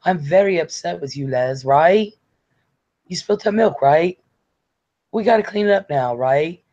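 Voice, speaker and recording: A prim, polite lady, scolding gently and ending each jab with a question, as a man puts her on. The voice sits higher than a man's usual talk, lifted and a little strained. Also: lively intonation, unhurried, dull audio. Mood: mock scolding. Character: mock-scolding prim English woman, mild and polite.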